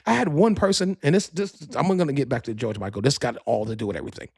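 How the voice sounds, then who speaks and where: A man hosting a podcast in a casual monologue, animated and profane, full of street slang. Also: mid-range voice, fast talker, gravelly, husky, no echo. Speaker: podcast host and DJ.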